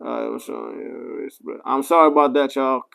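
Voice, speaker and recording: A man's voice: medium pitch, wildly swooping pitch, fairly quick, gravelly, pushed and bright, clean tone, poor audio. A man, a barber, chatting casually on a live stream and talking straight to his viewers, with many apologetic asides and fillers. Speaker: barber reviewing clippers.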